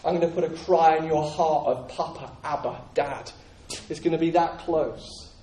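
A man's voice: on the high side, level tone, normal speed, mellow, slight background noise. A man preaching a sermon in an earnest, repetitive way with frequent restarts. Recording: echoey room, voice from a distance.

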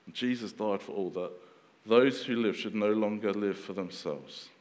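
A man in his thirties preaching a sermon in a relaxed, conversational way, with fillers and restarts. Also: lowish voice, normal speed, big-room sound.

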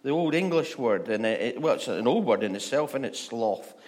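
A man's voice: mid-range voice, lively intonation, fairly quick, a little mellow. A male pastor giving a conversational, humorous sermon, often stammering and restarting.

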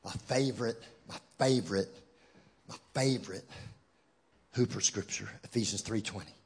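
A man preaching a sermon as a guest preacher in a church, moving from hushed, low passages to loud shouted climaxes with touches of humor. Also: moderate pace, slight background noise. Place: church in front of a congregation.

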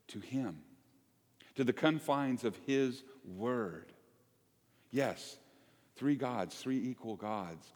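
A man preaching a sermon to his congregation, conversational and animated, joking with the people in the pews. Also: mid-range voice. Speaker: pastor. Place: church sanctuary. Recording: long hall reverb.

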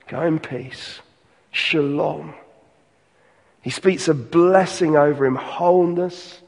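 A pastor giving an earnest sermon, slowing and softening on key lines. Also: male voice, on the high side, long reverb tail.

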